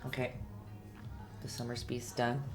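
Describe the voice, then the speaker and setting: Over loud music, a woman with a very deep voice talks a little slowly and with a completely flat delivery. She's teaching a painting class on a live stream, staying chatty and supportive and humming while she paints.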